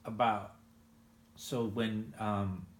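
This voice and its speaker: A man interviewing a father he worked with, asking gentle leading questions with frequent restarts. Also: lowish voice, level tone, drawn-out words, reverberant. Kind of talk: casual interview.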